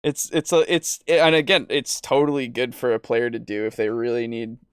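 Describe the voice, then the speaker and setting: A man's voice: mid-range voice, flat delivery, moderate pace, clear, resonant tone, no echo, clean studio sound. A man co-hosting a tabletop gaming podcast, talking casually in a rambling way with frequent laughs. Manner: rambling, with fillers and restarts, laughs often. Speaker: podcast co-host. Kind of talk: casual chat.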